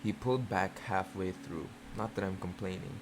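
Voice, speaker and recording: A host's low-sitting voice carries through background noise as they read fan fiction in a casual reaction clip. The reading stays slow and steady until it breaks into loud, startled swearing.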